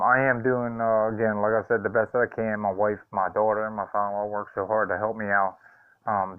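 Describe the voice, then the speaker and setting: A man speaks to his viewers in a halting, sincere way, often pausing on ums and uhs. His voice is smooth and clean. The sound is dry and narrow, like a phone line. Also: on the low side, no room sound. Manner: hesitant, full of ums and uhs, heartfelt. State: choked up. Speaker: vlogger. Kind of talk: casual vlog talk.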